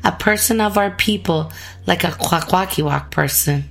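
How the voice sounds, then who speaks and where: A woman's voice: lowish voice, moderate pace, vocal fry, soft background music. A woman hosting and narrating, who also chats and laughs along with her guest. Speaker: host and narrator. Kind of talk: documentary narration and chat.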